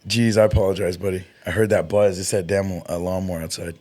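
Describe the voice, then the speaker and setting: A man's voice: deep voice, fairly even intonation, quick pace, dark tone. A man hosting a podcast in a loose, rambling way, swearing casually. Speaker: podcast host. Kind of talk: casual chat.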